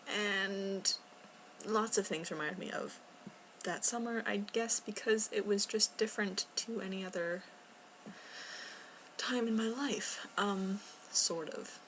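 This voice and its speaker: A young woman chatting casually in a rambling vlog at home, talking quietly and filling gaps with ums and soft laughs. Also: medium pitch, slight background noise, low-quality recording. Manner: talking quietly, at times near a whisper. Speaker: vlogger. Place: home, indoors.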